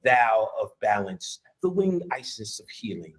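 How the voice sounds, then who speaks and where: A man voicing a grandiose spirit being, speaking in a pompous, slow, ceremonial way. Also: lowish voice, very animated.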